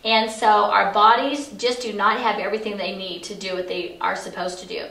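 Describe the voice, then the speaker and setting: A woman's voice: medium pitch, steady tone, moderate pace, gravelly, fairly bright tone. Middle-aged woman teaching, echoey room. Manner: chatty, explanatory, frequent fillers. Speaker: essential oils educator. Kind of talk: casual instructional talk. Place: office. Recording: echoey room, far from mic.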